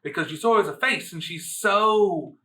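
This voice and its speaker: A man co-hosting a casual chat show, talking in a bright, forward voice. He acts out quotes in squeaky, high put-on voices, and he sounds a little distant from the mic. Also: normal speed. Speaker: co-host.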